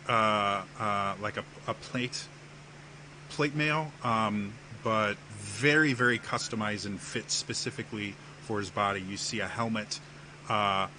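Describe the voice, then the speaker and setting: A man narrating a tabletop game as game master, slow and hesitant with many fillers. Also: on the low side, bright, forceful tone, a little hiss or hum.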